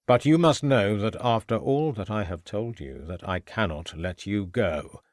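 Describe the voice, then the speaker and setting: A man voicing a scheming, murderous gentleman villain in an audiobook, speaking in a low, sneering, menacing way. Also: lively intonation, unhurried, dry recording, clean studio sound. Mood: gloating. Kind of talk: audiobook character voice.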